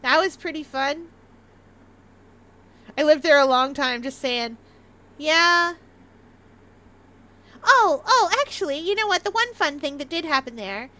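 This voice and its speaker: A woman from Canada chatting casually on a game stream, rambling through jokey stories and quick asides. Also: high voice, lively intonation, bright, forceful tone.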